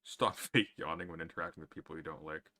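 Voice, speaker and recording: Very deep-voiced man, dry and sardonic. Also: steady tone, fast talker, bright, forceful tone. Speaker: streamer answering chat questions. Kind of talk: casual livestream chat.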